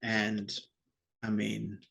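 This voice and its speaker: A man's voice: fairly low pitch, monotone, drawn-out words, gravelly, a bit bright, slight background noise. A man who is a podcast guest, talking casually and heatedly and swearing freely. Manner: heated, sweary, puts on voices when quoting. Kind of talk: casual chat.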